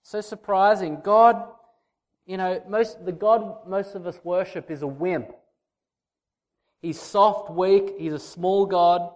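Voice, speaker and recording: A man's voice: high voice, fairly even intonation, slow pace. A male pastor preaching a sermon in a conversational way, now and then teasing his congregation.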